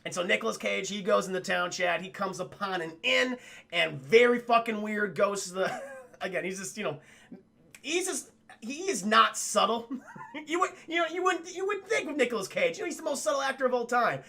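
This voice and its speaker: High, gravelly, bright-voiced male streamer. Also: fairly quick. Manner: animated, profane retelling, keeps addressing chat. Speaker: film reviewer livestreaming to chat. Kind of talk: casual spoiler review on a livestream.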